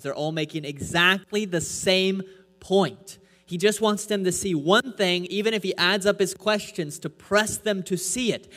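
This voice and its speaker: A man preaching a sermon from the pulpit, pressing his point with rhetorical questions and swinging between loud and soft. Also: high-pitched, measured pace. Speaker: pastor. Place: church. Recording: echoey hall with mains hum.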